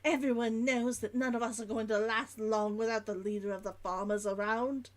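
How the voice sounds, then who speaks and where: A woman's voice: a little high, fairly even intonation, moderate pace, natural voice. A woman reading out a weary stranded merchant's log in a put-on Old London accent, dropping her H's with a theatrical Victorian delivery. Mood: weary, grim.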